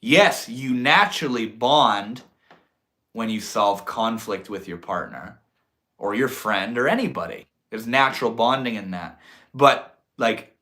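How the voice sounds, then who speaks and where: Man, young adult, livestream host, bright voice, reflective, drawn-out. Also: mid-range voice, lively intonation. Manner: reflective, drawn-out, swears casually. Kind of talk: casual livestream talk.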